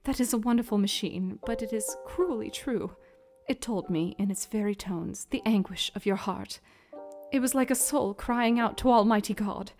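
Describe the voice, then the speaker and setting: An actress playing an earnest, devoted young Victorian wife in a dramatized reading of a classic novel, speaking in a soft, formal way. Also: female voice, medium pitch, moderate pace, soft background music, lightly acted. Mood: tender.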